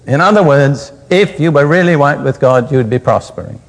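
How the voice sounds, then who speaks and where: A man's voice: a little high, lively intonation, moderate pace, few pauses. A man preaching a sermon, reading scripture aloud and then explaining it in plain words, recorded in a reverberant hall.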